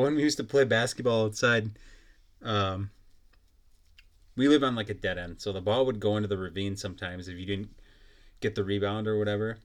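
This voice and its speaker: A young man hosting a podcast, ranting in a blunt, profane and mocking way. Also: on the low side. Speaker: podcast host. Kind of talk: casual solo podcast rant.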